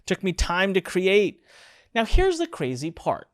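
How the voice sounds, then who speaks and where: A middle-aged instructor running a live webinar, bursting with excitement and leaning hard on key points. Lines get repeated for emphasis, with chatty asides and filler words along the way, in a mid-range voice. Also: medium pitch, measured pace. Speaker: online course instructor.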